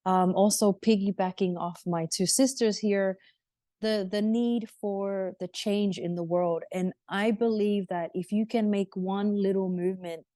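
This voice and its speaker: A woman sharing a thoughtful, measured testimony in a church interview, pausing with fillers. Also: mid-range voice, steady tone, warm tone, no room sound, clean studio sound.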